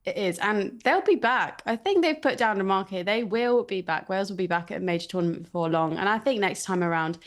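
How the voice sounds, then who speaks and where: A woman talking football as a pundit, earnest and measured. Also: medium pitch. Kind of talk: casual football chat.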